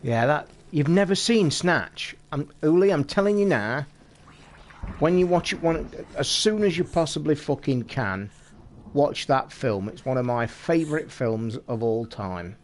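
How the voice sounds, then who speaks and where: Swearing streamer, chatty. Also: male voice, fairly high pitch, expressive, a little slow, a little hiss or hum. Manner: chatty, swears constantly, talks to chat. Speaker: live streamer. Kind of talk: casual live gameplay commentary.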